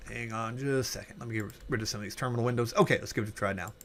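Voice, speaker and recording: A man with an ordinary mid-pitched voice walks through his code in a loose, unscripted way. He trails off into quiet mutters, catches his own mistakes, and keeps on explaining while keys clatter under his talk. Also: racing, slight background noise. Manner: thinking aloud while typing, many fillers and self-corrections. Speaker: programming instructor. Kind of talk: casual coding tutorial.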